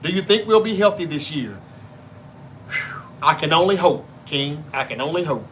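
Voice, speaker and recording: A man with a Southern Mississippi drawl chats loosely through a live sports stream, reading viewer comments aloud and answering each one. His voice sits a bit high and comes across bright and forceful. A faint hum of room ambience runs underneath. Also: animated, moderate pace. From North Mississippi, US. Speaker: podcast host reading live chat. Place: home in Memphis, Tennessee.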